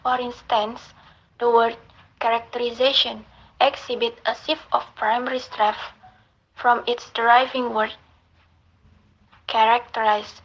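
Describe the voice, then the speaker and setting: A young woman with an Indonesian accent who speaks Indonesian as her first language, reading an academic lesson aloud in a careful, slightly halting way, with small grammar slips. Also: on the high side, flat delivery, a bit bright, lo-fi sound. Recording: faint background noise.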